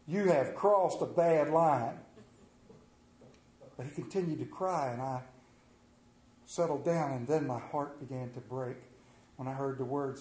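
A middle-aged man preaching a sermon in a folksy storytelling way, his voice sitting fairly high. He drops to a hush for tender moments and rises to loud, emphatic preaching. The sound rings with the echo of a church sanctuary. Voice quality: folksy Southern drawl talk with "ain't" and "y'all".

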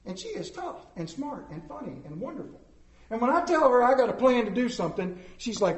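A man's voice: very high voice, a little fast. A middle-aged man preaching a sermon to a room, telling stories and acting out the voices in them. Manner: storytelling, animated, acts out voices in anecdotes. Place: large room with audience. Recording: echoey room.

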